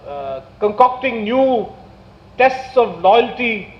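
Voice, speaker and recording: A man with an Indian English accent speaks at a public talk in a fairly high voice, building his points through pointed rhetorical questions. The sound is dull and lo-fi. It echoes around a large hall. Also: very animated. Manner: indignant, rhetorical questions, measured emphasis. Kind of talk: public lecture. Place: lecture hall.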